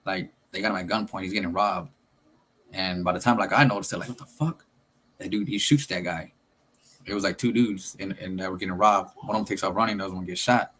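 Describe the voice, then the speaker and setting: A man's voice: deep voice, fairly even intonation, fast talker, a bit bright, slight background noise. A man telling a story casually, in loose, streetwise talk that swears and acts out what people said.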